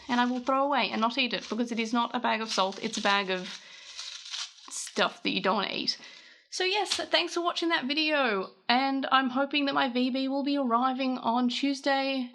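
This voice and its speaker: A chatty Australian woman with a slightly high, bright, forceful voice narrates an unboxing in a loose, casual way. She rambles and corrects herself mid-sentence as she thinks aloud. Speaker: vlogger.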